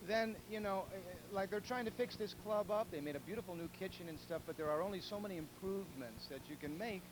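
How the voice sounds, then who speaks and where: A rambling male telethon host who tells jokes and pitches a community raffle, repeating himself as he goes. His voice sits somewhat high, and a steady hum with clear background noise runs under the recording. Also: fast. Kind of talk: casual joke-telling and fundraising appeal.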